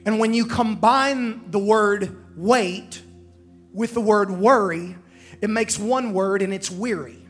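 A man with a high voice preaches a sermon, asking the congregation to say lines back to him. Faint music plays underneath his words. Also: takes it slowly, a bit bright. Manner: preaching with call-and-response to the congregation.

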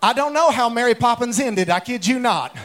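Speaking fairly quickly in an extremely high pitch, this male pastor delivers a humorous sermon packed with folksy, comic anecdotes. His lively storytelling erupts into shouts, and the setting is a church sanctuary with the congregation present.

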